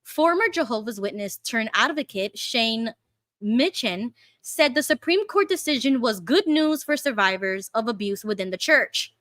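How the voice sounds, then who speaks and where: A Canadian woman with a bright, fairly high voice, co-hosting a relaxed online news show and reading an article aloud at a careful pace. Her sound is dry and close, with no room around it. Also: no room sound. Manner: reads carefully, admits she talks fast. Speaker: co-host.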